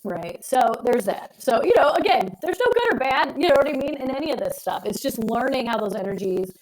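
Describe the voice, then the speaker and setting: Middle-aged lady chatting astrology on a stream, rambly, kinda high voice. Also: very animated, brisk, low-quality recording. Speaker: astrologer co-host. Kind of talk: casual live-stream chat.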